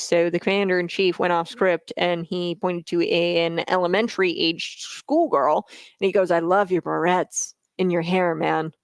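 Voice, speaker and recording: A man's voice: high voice, gravelly, dry recording. A man hosting a casual political commentary vlog, talking in a sarcastic, mocking way with lots of filler words.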